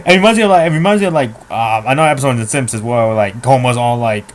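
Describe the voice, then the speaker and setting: A man's voice: medium pitch, racing. A man co-hosting a casual podcast, telling loose, chatty stories with fillers. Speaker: podcast co-host.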